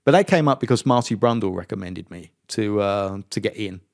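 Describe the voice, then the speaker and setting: A middle-aged man, a former racing driver and podcast guest, telling a story in a lively, self-mocking way and acting out the dialogue. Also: fairly low pitch, brisk, creaky. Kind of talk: anecdotal storytelling interview.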